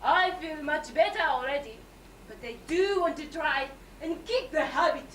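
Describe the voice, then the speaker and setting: A woman's voice: high-pitched, normal speed, natural voice. A woman playing a theatrical, self-pitying alcoholic patient in an amateur stage comedy, gushing and sing-song. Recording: echoey hall, distant mic, hiss.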